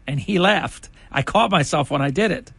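Older male talk host, slightly high voice, dry booth sound, conversational and indignant. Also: animated, normal speed, vocal fry, a bit bright, breathy edge, dry recording. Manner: indignant, conversational, rambling asides. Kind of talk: political talk commentary.

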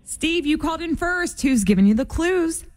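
Brisk New radio woman. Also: extremely high pitch, expressive. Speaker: radio co-host and traffic reader. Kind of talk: radio traffic report and banter. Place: radio studio.

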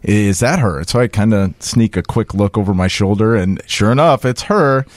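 A man hosting a casual podcast chat, telling a dating story with lively acted-out dialogue. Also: lowish voice, moderate pace, dry recording. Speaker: podcast host.

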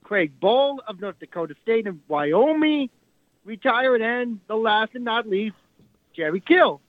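A man's voice: sits high, animated, unhurried. A man calling in to a sports radio show, talking in a rambling, insistent way. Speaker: caller. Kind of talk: call-in radio talk. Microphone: telephone. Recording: tinny phone line.

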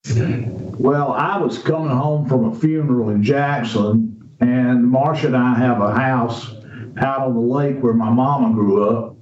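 An older man with a drawl tells a story in a folksy, unhurried way. His words come very slowly and steadily. He sits back from the mic in a roomy space, and the sound is muffled. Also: medium pitch, darkish tone. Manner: slow, folksy, drawn-out storytelling. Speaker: radio guest. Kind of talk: storytelling in a radio interview. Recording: roomy, distant, dull radio recording.

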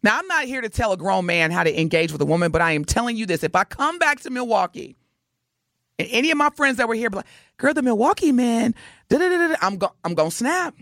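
A woman co-hosts a morning radio show in a casual, teasing, emphatic way. Her pitch swoops widely and her voice carries a gravelly rasp. The studio mic sounds close and dry. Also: big pitch swings, fast talker, a bit bright, no room sound. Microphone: studio microphone.

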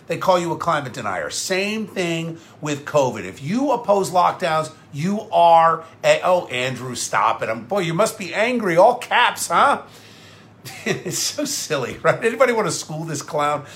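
High, bright-voiced ranting talk host. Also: male voice. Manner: combative, sarcastic, repetitive. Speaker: radio talk show host. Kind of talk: live-streamed talk show rant.

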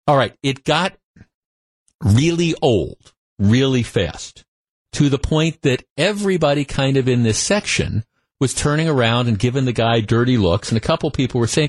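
A man's voice: medium pitch, animated, moderate pace, no room sound. A man hosting a talk radio show, telling a story in a conversational monologue full of restarts, on a studio microphone.

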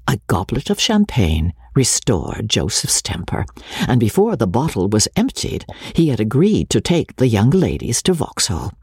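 A man narrating a classic novel in a breathy voice, often sinking to a near-whisper. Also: mid-range voice, wildly swooping pitch, moderate pace, no room sound, studio quality. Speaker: audiobook narrator. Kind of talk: storybook narration.

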